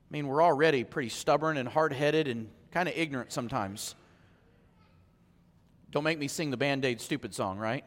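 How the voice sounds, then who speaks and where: A male pastor preaching a sermon in a church, moving between hushed reflection and fervent appeals. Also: on the high side, long reverb tail. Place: church sanctuary.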